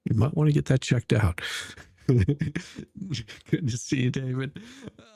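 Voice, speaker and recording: A man's voice: mid-range voice, takes it slowly, gravelly, warm tone, breathy edge. A man hosting a casual livestream, greeting viewers by name and mocking his opponents in a rambling way. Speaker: livestream host.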